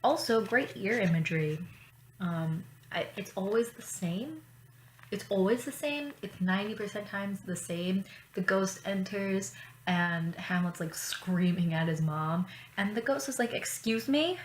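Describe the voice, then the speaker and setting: A woman vlogging in casual chat, talking in a chatty, profane way with quick asides. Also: medium pitch, lively intonation, a little hiss or hum. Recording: roomy echo, faint ambience.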